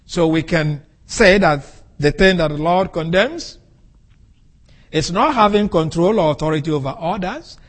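A man preaching an expository sermon from the pulpit, speaking deliberately and stressing key words for emphasis. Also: fairly high pitch, fairly bright tone. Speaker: pastor.

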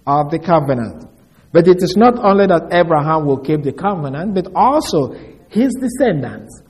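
Male preacher, slightly high voice, animated intonation, deliberate teaching delivery. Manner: slow, deliberate, explains word by word with emphasis. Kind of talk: sermon teaching from scripture.

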